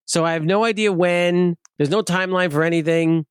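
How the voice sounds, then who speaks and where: A man's voice: high-pitched, steady tone, fairly quick, slight background noise. A man telling a personal story in a casual, self-mocking way, laughing as he goes. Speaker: guest storyteller.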